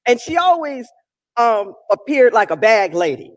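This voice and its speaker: A minister preaching a sermon with emphatic delivery, drawn-out key words and sudden loud calls. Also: medium pitch, big pitch swings. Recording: long reverb in a large hall.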